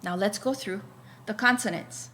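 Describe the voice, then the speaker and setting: A woman's voice: medium pitch, normal speed, a bit bright, slight background noise. A woman teaching a Hawaiian pronunciation lesson, patiently spelling out each letter and telling learners to write it down. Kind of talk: slow, deliberate language lesson.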